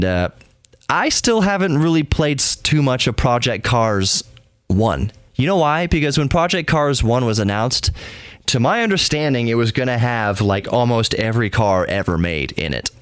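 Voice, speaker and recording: A man's voice: on the low side, dry recording, clean studio sound. A man in his thirties hosting a podcast, telling a comic story casually and laughing at himself. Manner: self-deprecating, laughs at his own stories. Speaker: podcast host.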